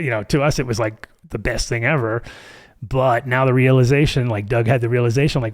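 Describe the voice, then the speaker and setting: A man's voice: medium pitch, brisk. A man in his fifties, a podcast guest, telling a story in casual, profane speech and acting out other people's lines.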